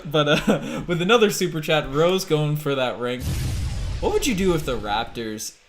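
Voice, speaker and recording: A man's voice: fairly high pitch, sing-song, moderate pace, soft background music. Chatty laughing podcast host man. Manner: chatty, laughing, hyping the channel. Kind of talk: casual livestream chat.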